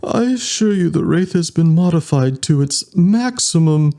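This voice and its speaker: A man's voice: fairly high pitch, lively intonation, normal speed, warm tone, voice pushed up. A man voicing a sardonic male ship artificial intelligence in an audiobook, formal and given to muttering insults.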